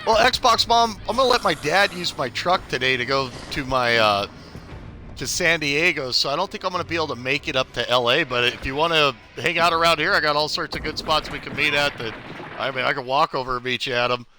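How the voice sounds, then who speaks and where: A young gaming livestreamer plays a video game live, chatty and upbeat, greeting viewers by name and giving tips in casual commentary. His voice is a little high, brisk, and sharp-toned, with slight hiss or hum.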